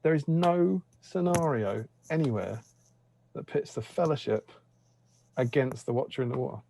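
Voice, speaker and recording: A man's voice: mid-range voice, normal speed, gravelly, mellow. A man co-hosting a tabletop wargame stream over a video call, chatting casually and rambling with fillers. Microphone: remote video call.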